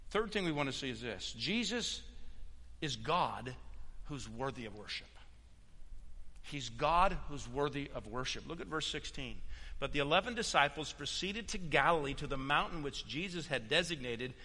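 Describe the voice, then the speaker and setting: Man, high voice, bright and forceful, pastor preaching, reverberant church hall. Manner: emphatic preaching, swings between loud and hushed. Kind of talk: sermon.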